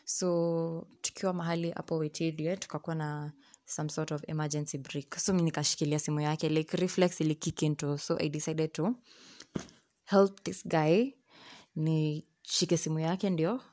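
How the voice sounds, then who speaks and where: Low-voiced Kenyan woman telling a story. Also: a little fast. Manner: lively, exasperated storytelling that mixes English and Swahili slang. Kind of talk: casual personal storytelling.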